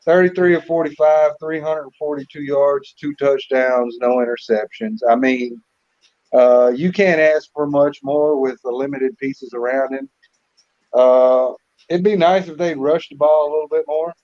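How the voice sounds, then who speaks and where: Male co-host, casual football talk, higher voice, lo-fi sound. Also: measured pace. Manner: relaxed, repeats words while thinking. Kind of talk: casual sports chat. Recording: slightly dull lo-fi audio.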